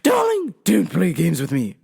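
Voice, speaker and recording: A woman's voice: wildly swooping pitch, normal speed, gravelly, a little mellow, slightly rough, full character voice. A woman voicing a haughty older woman customer who puts on a phony English accent, calling everyone darling. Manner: high, shrill, fussy, calls everyone darling.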